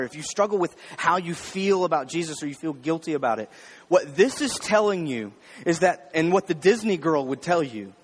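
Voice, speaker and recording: This pastor's voice is fairly high with a breathy edge, trailed by a long reverb. He delivers his sermon as if chatting with the congregation, addressing the crowd as "y'all."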